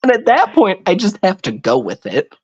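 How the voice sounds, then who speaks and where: A man's voice: sits high, huge pitch swings, normal speed, a little mellow, muffled recording, a little hiss or hum. A man in casual chat on a live stream, rambling and tripping over his words. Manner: rambling, stumbles over words, slips into put-on voices. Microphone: home microphone on a live stream.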